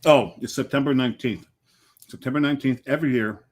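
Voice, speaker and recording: A man's voice: medium pitch, fast. A man co-hosting a beer podcast, chatting in a laid-back, rambling way, sometimes while eating. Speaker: podcast co-host. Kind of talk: casual podcast banter.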